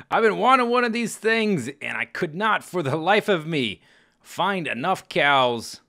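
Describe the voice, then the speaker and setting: A man's voice: sits high, measured pace, gravelly. A man giving chatty, casual commentary over his own gameplay, often exclaiming and chuckling as he plays. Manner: chatty, animated, exclaims and laughs at the game. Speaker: Let's Play host.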